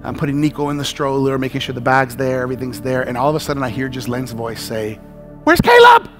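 Speaking quickly in a mid-range voice, a male pastor animates a sermon story, performing frantic shouts and lines of dialogue. Soft music plays in the background.

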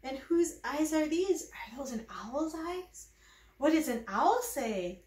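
Lady librarian doing baby storytime, super bouncy voice, slow and coaxing, gasps for the babies. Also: sits high, big pitch swings, darkish tone, echoey room. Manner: sing-song, coaxing questions to babies with gasps of delight. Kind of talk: baby storytime reading and rhymes. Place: at home.

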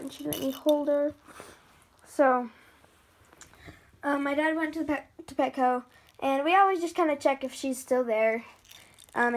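A young woman vlogging casually at home in a chatty, excitable way, often quoting what others said. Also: high voice, a little hiss or hum. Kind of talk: casual vlog chat to camera.

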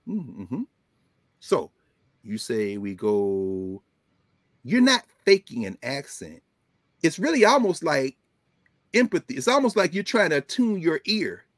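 Animated man with lively, dry-voiced commentary. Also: high-pitched, no echo. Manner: animated, emphatic, switches into colloquial talk. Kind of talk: lecture-style commentary.

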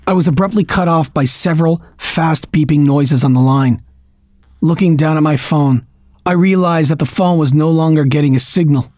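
A man narrating a first-person story in a steady, tense storytelling manner. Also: on the high side, no echo. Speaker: audiobook narrator.

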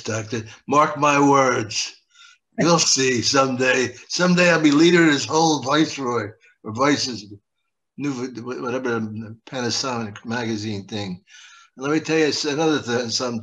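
A man's voice: medium pitch, normal speed, fairly bright tone. A man doing improvised comedy as a therapy patient, wisecracking in a sardonic way. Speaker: comedian guest playing a patient.

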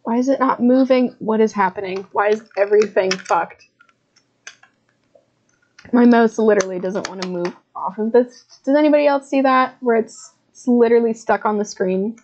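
A woman's voice: fairly high pitch, normal speed, darkish tone, highs cut off, a little hiss or hum. A woman streaming a horror game, swearing and laughing at her own scares as she comments. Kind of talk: live gameplay commentary.

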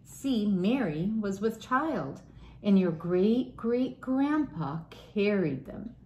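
A woman voicing a gentle, patient mother donkey in a storybook, speaking softly and soothingly. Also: mid-range voice, expressive, slow pace, a little hiss or hum.

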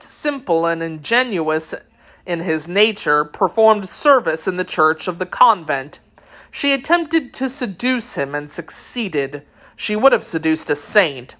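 A grim, cold male executioner recounting his story with solemn weight, read by a woman narrator. The voice sits a little low with a bright, sharp edge, and the delivery stays measured and severe in this storybook reading.

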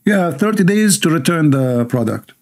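Man, livestream host, sarcastic, mocking, somewhat high voice, gravelly. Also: lively intonation, normal speed. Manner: mocking, laughing, reads comments aloud. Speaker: livestream host reading comments.

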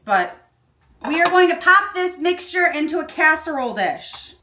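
In her home kitchen, a woman hosts a comedic cooking tutorial, uncomfortable in a costume and complaining in an aggressive, deadpan way. Her voice sits high, and the sound is reverberant.

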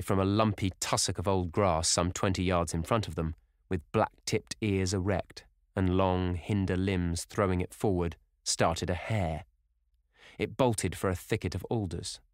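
Deep-voiced male audiobook narrator. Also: dry recording, studio quality. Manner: measured, even storytelling. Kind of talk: scripted narration of a novel.

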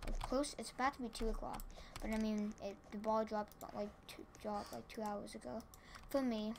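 A tired woman giving casual gameplay commentary at home, excitable and rambling, repeating her exclamations. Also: a little high, moderate pace, vocal fry, noisy background. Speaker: gaming channel host. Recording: keyboard clicks and typing behind.

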